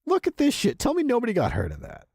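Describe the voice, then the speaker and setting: A young man streaming, giving casual reaction commentary, excitable and profane, laughing often. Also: extremely high pitch, fast talker, gravelly, dry recording, studio quality.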